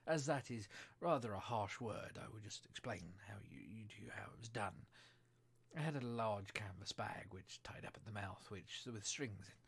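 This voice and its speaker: Male storybook narrator, breathy, husky, even delivery. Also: fairly low pitch, moderate pace. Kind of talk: storybook read-aloud.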